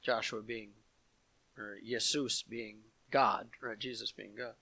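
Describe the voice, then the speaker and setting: A man's voice: fairly low pitch, steady tone, slow, creaky, bright, forceful tone, husky, dry recording. A man teaching verse by verse from the Bible, reading passages aloud and adding asides to his listeners. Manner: explanatory, reads passages aloud with asides to the congregation.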